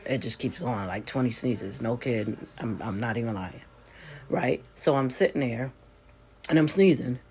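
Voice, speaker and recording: A woman's voice: very deep voice, husky. A woman vlogger with a congested voice, telling a casual story straight to her viewers with chatty, folksy asides.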